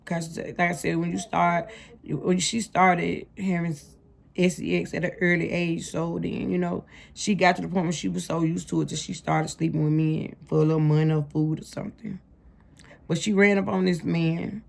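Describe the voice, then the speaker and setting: A young woman with a low, gravelly voice tells her life story straight to her viewers. She talks casually in slang and keeps calling her audience "y'all". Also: little pitch movement, normal speed.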